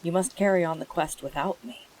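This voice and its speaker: A streamer reading a storybook aloud, voicing a loyal, dying little male horse who pleads softly and sounds resigned. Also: mid-range voice, a little fast, a little hiss or hum, natural voice, rough recording. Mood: gentle pleading.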